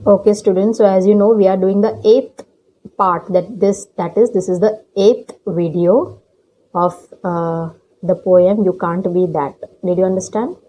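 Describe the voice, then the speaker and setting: A woman's voice: mid-range voice, steady tone, a little slow, dull audio, a little hiss or hum. A woman teacher explaining grammar in a recorded lesson, repeating points and often checking in with "okay?". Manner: repetitive, checks understanding with "okay?".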